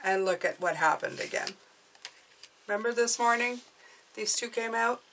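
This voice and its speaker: A woman's voice: fairly high pitch, normal speed, fairly bright tone, far from the mic, a little hiss or hum, low-quality recording. A woman giving an intuitive tarot reading to viewers, chatty and encouraging, often checking in with "okay?". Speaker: tarot reader.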